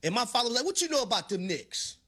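Man, middle-aged, high and bright, swooping sing-song, preacher-style sports radio hype. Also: sing-song, fast talker, husky. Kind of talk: animated sports radio banter.

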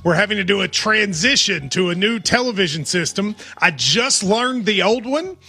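A man's voice: high-pitched, expressive, moderate pace, vocal fry, sharp tone, husky. A man with a Kentucky accent hosting a casual sports talk show, joking and rambling as he talks over his co-host.

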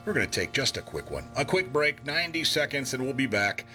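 A man's voice: mid-range voice, big pitch swings, brisk, sharp tone, faint music behind. A man hosting a call-in radio swap show, reading items for sale and trading jokes with his co-host. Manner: joking, reads listings aloud. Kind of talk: casual radio swap-shop chat.

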